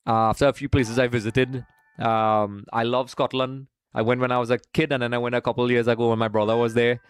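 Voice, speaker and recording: A man's voice: mid-range voice, flat delivery, quick pace, clean tone. A man from Trinidad, hosting a live watch-along stream in a casual, chatty way, greeting viewers by name and calling them folks.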